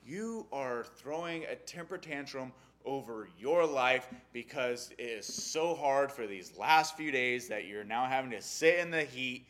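Bright-voiced man teaching a Bible story. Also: medium pitch, a little slow, hardly any pauses. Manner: animated, acting out the characters' lines. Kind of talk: casual sermon on a Bible story.

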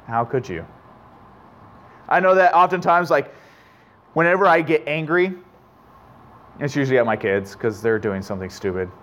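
Earnest man preaching, slightly high voice. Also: a bit bright. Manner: earnest, self-reflective storytelling with many restarts. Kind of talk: sermon with personal story.

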